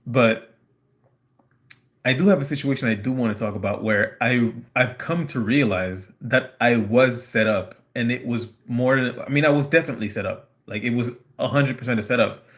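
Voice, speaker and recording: On a casual live stream, a man with a medium-pitched voice tells a personal story haltingly, filling it with fillers and restarts.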